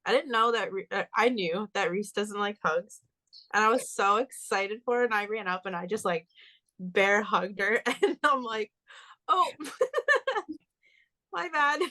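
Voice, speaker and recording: A woman co-hosts a casual podcast, relaxed and quick to giggle. Her voice is mid-pitched and easygoing. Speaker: podcast co-host.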